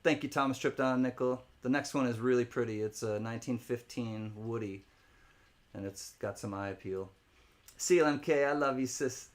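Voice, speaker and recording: At medium pitch and a moderate pace, a man runs a coin auction on live stream. Jokey and rambling, he laughs a lot, calls out bids, chats with viewers by name, and playfully spells out words one letter at a time.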